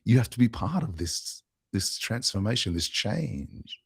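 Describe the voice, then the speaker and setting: A man voicing a calm, insistent German man in a story, some lines whispered. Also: fairly low pitch, a little slow, creaky, breathy edge, dry recording, studio quality, heavily acted. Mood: gently urging.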